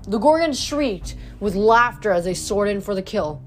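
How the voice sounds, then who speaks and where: A woman's voice: mid-range voice, lively intonation, normal speed, hardly any pauses, soft background music. Woman reading a novel aloud. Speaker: reader.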